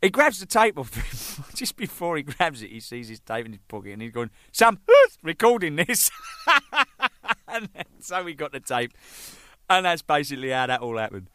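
A man's voice: mid-range voice, big pitch swings, fairly quick, dry recording. A man telling a rambling, swearing anecdote about his band. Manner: rambling, swearing, laughing, acting out shouted quotes. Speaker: band drummer telling stories. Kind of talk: casual storytelling monologue.

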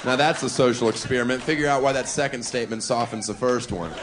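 A man doing a crude, brash stand-up comedy set on a club stage, punching up his lines with shouts. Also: medium pitch, quick pace. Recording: live club recording with crowd noise. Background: audience laughter and applause.

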